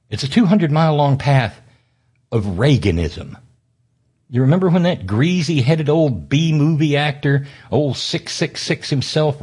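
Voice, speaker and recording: Husky-voiced guy hosting a political talk show, fired up and sarcastic, keeps restarting sentences. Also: medium pitch, a little mellow. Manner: ranting, sarcastic, fiery, with many restarts. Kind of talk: impassioned political monologue.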